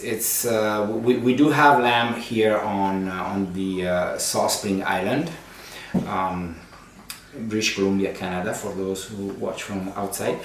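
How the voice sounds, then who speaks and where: A man, a priest hosting a cooking show, chatting playfully with many ums and uhs. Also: lowish voice. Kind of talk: casual cooking demonstration. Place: kitchen. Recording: very echoey room, distant mic, faint noise.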